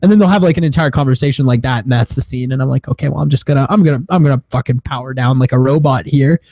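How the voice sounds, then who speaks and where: A man's voice: mid-range voice, very fast, dark tone, dry recording, studio quality. A young man co-hosting a casual movie review podcast, swearing often and acting out silly quotes. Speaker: podcast co-host.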